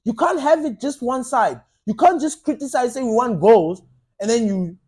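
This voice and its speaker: Animated football fan. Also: male voice, very high voice, normal speed, husky. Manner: animated, rhetorical questions, ranting. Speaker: football fan channel host. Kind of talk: opinionated fan commentary.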